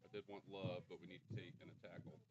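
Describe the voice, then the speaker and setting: A man's voice: deep voice, little pitch movement, quick pace, a little mellow, highs cut off. A man co-hosting a casual live sports podcast, giving laid-back, sarcastic takes on draft picks. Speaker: podcast co-host.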